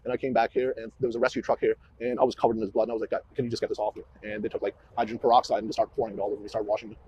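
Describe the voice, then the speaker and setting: A man, a police officer, walking investigators through events in a halting way, often repeating words and restarting. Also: on the low side, little pitch movement, a little mellow, dull audio, a little hiss or hum. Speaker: police officer questioned about a shooting. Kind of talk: recorded interview walkthrough.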